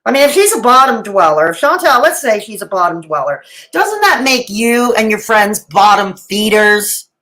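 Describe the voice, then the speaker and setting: A woman's voice: medium pitch, sing-song, moderate pace, hardly any pauses, fairly bright tone, rough recording. A middle-aged woman doing live reaction commentary, sarcastic and mocking, with dramatic asides and laughs. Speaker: reaction streamer.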